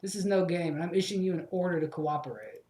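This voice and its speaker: A man's voice: high-pitched, fast talker, dark tone, lightly acted. A man voicing a commanding, impatient aristocratic woman who gives curt orders, in an echoey room.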